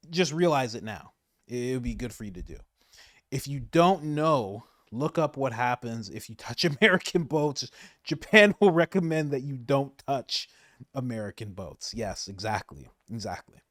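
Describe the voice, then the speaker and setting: Animated man giving casual commentary. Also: mid-range voice, no room sound, studio quality. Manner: animated, laughing, emphatic repetition.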